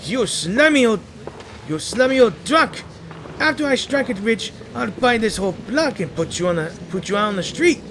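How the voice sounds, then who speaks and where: A man doing a loud, blustering greedy gambler. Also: high-pitched, very animated, drawn-out words, long pauses, a little hiss or hum, pitched above the performer's own voice, heavily acted. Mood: furious. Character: greedy brash male gambler, hot-tempered.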